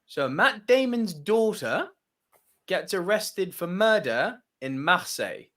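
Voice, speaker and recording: A man from France co-hosting a casual movie chat, animated and emphatic, swearing often. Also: high-pitched, takes it slowly. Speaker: co-host of a movie podcast.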